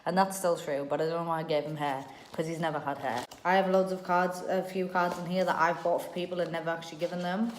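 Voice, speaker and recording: A woman's voice: fairly low pitch, steady tone, quick pace, hardly any pauses. Chatty young woman, roomy sound. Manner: chatty, rambling, peppered with "like". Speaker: vlogger. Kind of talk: casual chat. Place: her own home, a bedroom. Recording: roomy with faint noise.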